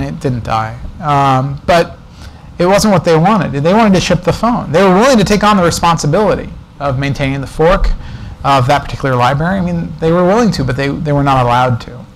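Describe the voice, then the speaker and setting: A man's voice: a little high, a little hiss or hum, low-quality recording. Man telling stories at a tech talk. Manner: casual, digressive, with asides and jokes. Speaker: guest speaker at a developer meetup. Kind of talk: conference talk, anecdotal storytelling. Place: presentation room before an audience.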